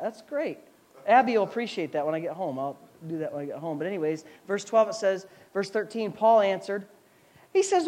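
A man with a high voice preaching a sermon as pastor, emphatic and repeating his points. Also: sing-song, a little fast, darkish tone.

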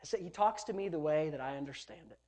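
A man, a pastor preaching a sermon, telling stories with loud bursts and hushed asides. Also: a little high, fast. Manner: animated storytelling, swings between loud bursts and hushed asides.

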